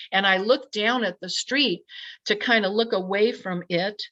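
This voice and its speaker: A woman's voice: mid-range voice, measured pace. Woman guest telling her story, acts out what she was thinking, kinda dull lo-fi audio. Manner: animated, acts out her own past thoughts in quotes. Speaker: podcast guest. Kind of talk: personal storytelling. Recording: dull lo-fi sound.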